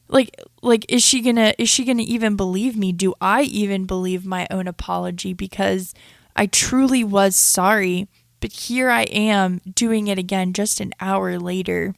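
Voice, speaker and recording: Slow, gravelly young woman musing. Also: medium pitch, no room sound, studio quality. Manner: earnest, reflective, halting with many restarts. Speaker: podcast host. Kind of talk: confessional podcast monologue.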